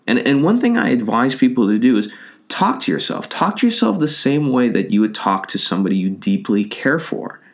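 A man's voice: mid-range voice, sing-song, fairly quick. A man giving a loose, conversational motivational talk, with lots of fillers and a habit of tagging his points with "right?".

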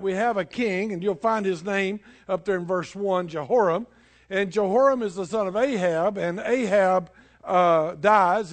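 Folksy high-voiced preacher. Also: male voice. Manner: folksy storytelling, acting out the dialogue. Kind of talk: sermon.

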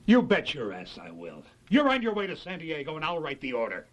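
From an action film: a short-tempered police captain. His voice sits fairly high and swings wildly as he piles up angry questions. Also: wildly swooping pitch, fairly quick. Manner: berating, rising questions.

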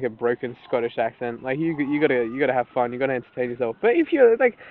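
A young man with a slightly high voice, talking in a loose, rambling monologue full of swearing and laughs. His audio sounds thin and tinny, like it came through a phone line. He talks animatedly, with plenty of fillers and restarts. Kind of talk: casual solo monologue.

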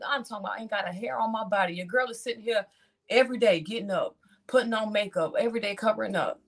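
Woman, thirties, lively testimony, acts out her own reactions, middle pitch. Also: quick pace. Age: 30s. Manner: talks straight to the audience, calls them "y'all". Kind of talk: personal testimony talk.

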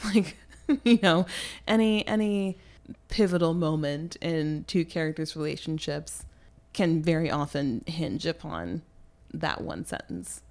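Animated, laughing woman podcast co-host. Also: low-pitched, moderate pace. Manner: animated, laughs often, acts out quoted lines. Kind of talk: casual book discussion chat.

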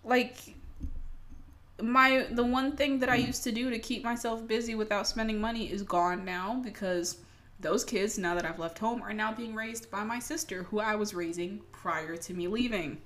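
A woman's voice: medium pitch, steady tone, normal speed, fairly bright tone. A young adult woman ranting casually to her audience, swearing freely and self-mocking with dramatic flair. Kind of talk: casual rant to camera.

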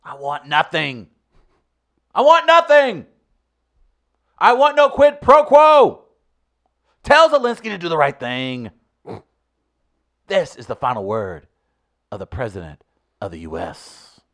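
A man putting on a theatrical reading of a politician's statement, swinging between whispers and loud declarations. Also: medium pitch, big pitch swings, measured pace, creaky, long pauses, voice pushed down, heavily acted. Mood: hammy.

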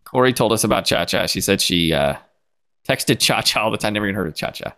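A man in his forties co-hosting a casual podcast, relaxed and quick to laugh while going over listener poll answers. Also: lowish voice. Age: 40s. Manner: easygoing, laughs often, reads out listener poll results. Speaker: podcast co-host. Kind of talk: casual chat.

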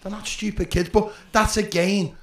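A man with a Scouse accent telling rowdy stories in casual chat, swearing and laughing loudly. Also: high-pitched, flat delivery, normal speed, echoey room, a crowd in the background. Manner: swearing, storytelling, loud laughs. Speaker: podcast guest.

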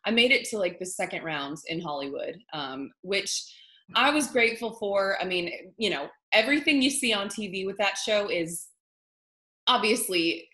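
A woman's voice: mid-range voice, animated, normal speed, sharp tone. A young woman, a country singer, chatting casually in an interview with lots of fillers. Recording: echoey room.

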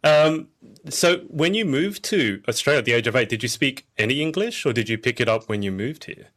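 A man's voice: medium pitch, expressive, a little fast, fairly bright tone. Friendly curious male podcast host. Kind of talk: casual interview conversation.

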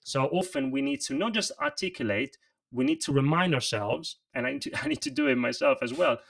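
Animated coaching man, gravelly voice. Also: fairly high pitch, a little fast, distant mic. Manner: animated, practical, demonstrates vocal emphasis. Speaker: guest presentation coach. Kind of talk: livestream interview.

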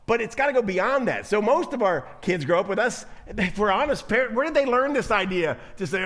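Lively, animated man preaching. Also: high voice, a little fast, hardly any pauses. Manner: animated preaching, acts out quoted voices, frequent repetitions. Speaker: pastor. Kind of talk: sermon.

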